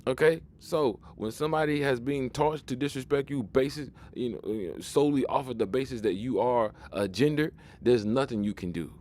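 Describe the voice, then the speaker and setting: A video commentator delivers a casual monologue in a mid-range, slightly mellow voice at a moderate pace, with hardly any pauses. He's emphatic and preachy, often restarting and repeating words to push his point.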